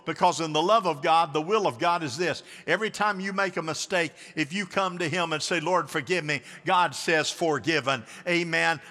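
A man's voice: a little high, bright, forceful tone. A man preaching a sermon as pastor, calling on the congregation to answer and repeat after him. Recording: long hall reverb.

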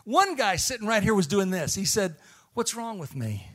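High-voiced man preaching a sermon. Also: big pitch swings, normal speed. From Illinois. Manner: storytelling, swings from hushed to shouting. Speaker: missionary preacher.

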